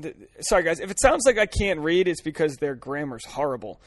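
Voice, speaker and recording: A man's voice: fairly high pitch, big pitch swings, fairly quick, no room sound. Crude, rambling man in his thirties. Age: 30s. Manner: crude, rambling, joking, many fillers and restarts. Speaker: podcast host. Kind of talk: solo comedic podcast monologue. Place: in a car.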